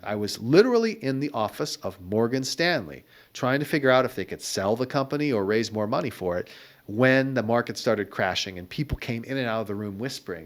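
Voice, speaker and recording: A man's voice: mid-range voice, lively intonation, fairly quick. A middle-aged man being interviewed as an entrepreneur, telling wry, reflective stories about his career in a conversational way. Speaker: guest entrepreneur. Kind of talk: conversational storytelling.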